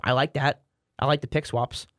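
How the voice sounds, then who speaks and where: A man's voice: medium pitch, fairly even intonation, moderate pace, no room sound, clean studio sound. A man co-hosting a sports podcast in casual chat, rambling and repeating words, with self-mocking asides. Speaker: podcast co-host.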